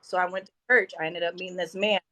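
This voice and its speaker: A woman's voice: lowish voice, fast, low-quality recording. A woman in her thirties telling spiritual stories in casual podcast chat, acting out quoted dialogue. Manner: animated, acts out quoted dialogue. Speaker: podcast guest.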